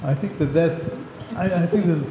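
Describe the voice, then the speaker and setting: Man, panel speaker, halting delivery, long hall reverb, faint background noise. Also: on the high side. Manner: hesitant, many ums, raising voice when the mic fails. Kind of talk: informal lecture with a joke.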